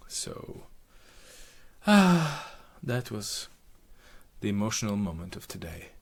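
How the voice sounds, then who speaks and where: A man's voice: fairly low pitch, a little slow, creaky, slightly rough. A man improvising a rambling, profane comic retelling of a myth, with jokey asides. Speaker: comic storyteller.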